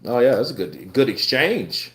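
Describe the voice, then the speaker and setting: A man's voice: mid-range voice, big pitch swings, moderate pace, a bit bright. A man in his twenties hosting a live stream, chatting casually and telling rambling stories with frequent laughter. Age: 20s. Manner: laid-back, laughs often, rambling anecdotes. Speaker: livestream host. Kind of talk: casual live commentary and storytelling.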